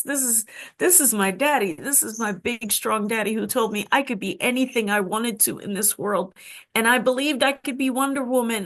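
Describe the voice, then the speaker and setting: A woman guest telling a deeply personal story with emotion, acting out the voices of people in it. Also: fairly bright tone. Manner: emotional, dramatic retelling with voiced quotes.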